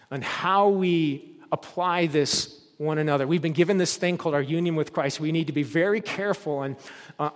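A man preaching a sermon as a pastor, telling stories and rising to loud, emphatic peaks. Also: a little high, long reverb tail.

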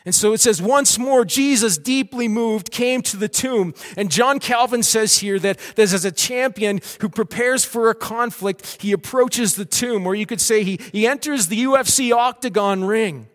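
A man preaching a sermon with animated delivery, acting out cheering crowds. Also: high voice, moderate pace, hardly any pauses, big-room sound.

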